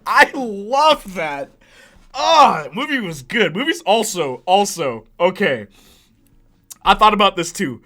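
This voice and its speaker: A man with a high, bright and sharp voice runs through a casual movie ranking. He swings his pitch up and down a lot, gets excitable, throws in slang and breaks into laughs as he goes. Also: a little slow. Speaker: host.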